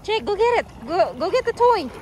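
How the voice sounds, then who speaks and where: At the beach, a dog owner films on her phone while chatting casually to her dogs in a sing-song baby-talk voice, giggling between lines. Her voice is extremely high and fairly quick. Wind and water noise come through the outdoor recording.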